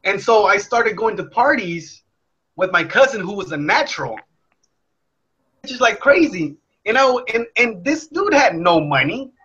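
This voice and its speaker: A young man telling a candid personal story in a blunt, profane, animated way. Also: high-pitched, a little slow, slightly rough. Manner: profane, blunt, animated, acts out his past self. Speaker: motivational speaker. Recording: dull lo-fi sound.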